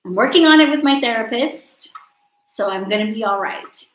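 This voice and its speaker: A woman in her thirties hosting a casual live stream, chatting and joking and quick to laugh at herself. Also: a little high, expressive. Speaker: host of a live witchcraft coaching stream. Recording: roomy echo.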